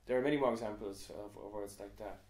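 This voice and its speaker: An Irish man, a guest expert, explaining pronunciation in a patient, measured way with small restarts. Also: lowish voice, darkish tone. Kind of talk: explanatory chat. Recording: roomy echo.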